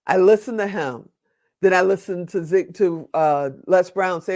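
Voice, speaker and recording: A man, a podcast guest, telling a personal story in an earnest way and slowing down to stress his points. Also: high-pitched, darkish tone, no echo, clean studio sound. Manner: earnest, slows down for emphasis.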